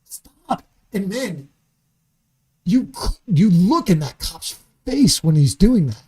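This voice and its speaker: A man's voice: high-pitched, very animated, slow pace, dark tone. A man talking as a comedian guest in a podcast studio, heated and emphatic, swearing freely. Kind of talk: podcast conversation.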